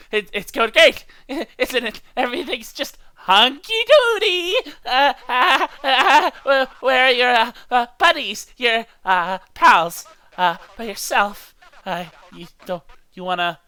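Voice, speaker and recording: A man's voice: very high-pitched, animated, slow pace, sharp tone, clean tone, dry recording, pitched above the performer's own voice, exaggerated voice, rough recording. A man voicing a nervous, flustered TV-headed game show host who stammers with fake cheer.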